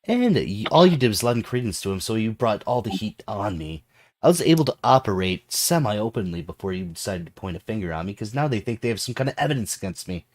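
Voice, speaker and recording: A man's voice: lowish voice, big pitch swings, fast talker. A man voicing a suspicious, shady woman who deals in secrets and speaks accusingly, in a tabletop game. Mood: threatening. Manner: accusing, defensive.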